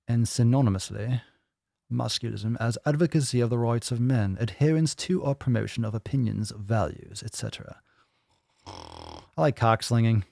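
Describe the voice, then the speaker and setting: A man's voice: mid-range voice, creaky, dark tone, no echo, studio quality. A man hosting a live fitness Q&A, chatting crudely and joking as he reads viewer comments. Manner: crude, joking, mocks voices of others. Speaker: fitness podcast host. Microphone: studio microphone.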